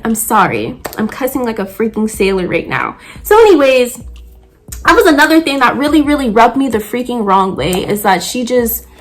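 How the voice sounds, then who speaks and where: A young woman nail artist telling a story about a client in a casual, heated, profane rant. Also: on the high side.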